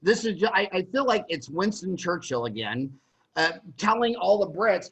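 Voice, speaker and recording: A man's voice: high voice, animated, moderate pace, fairly bright tone, rough recording. A middle-aged American man, a dentist, speaking bluntly and rambling in a panel discussion with frequent restarts. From United States.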